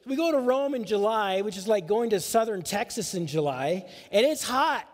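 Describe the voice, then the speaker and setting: Rambling pastor with hall reverb. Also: male voice, high-pitched, lively intonation, moderate pace, darkish tone. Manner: casual, rambling, heavy on filler phrases. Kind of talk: storytelling sermon.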